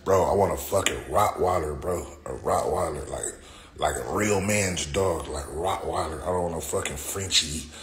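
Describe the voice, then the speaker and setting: A man with a very deep voice, speaking at normal speed, tells stories casually on a live stream in heavy slang, swearing a lot and laughing often. The recording has a roomy echo with faint background noise.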